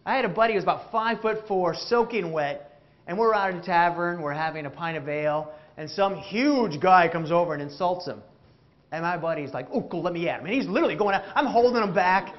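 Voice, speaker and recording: A man giving an interactive motivational keynote on stage, animated and jokey, asking the audience questions. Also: sits high, brisk, dull audio. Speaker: keynote speaker. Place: stage before a live audience.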